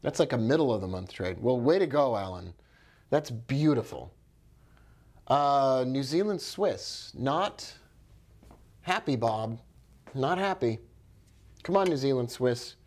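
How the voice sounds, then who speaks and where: A man's voice: mid-range voice, lively intonation, measured pace, pauses often, darkish tone. Man thinking aloud over his trades. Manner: thinks aloud, upbeat exclamations; talks to viewers by name. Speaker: forex trader. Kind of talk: live trading commentary.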